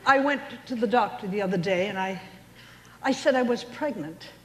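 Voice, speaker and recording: A woman's voice: mid-range voice, normal speed, fairly bright tone, a little hiss or hum. Older woman stand-up, chatty storyteller, roomy hall echo with faint ambience. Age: 70s. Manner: chatty storytelling with voiced punchlines. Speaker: stand-up comedian. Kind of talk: stand-up routine in a casino showroom. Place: casino showroom stage.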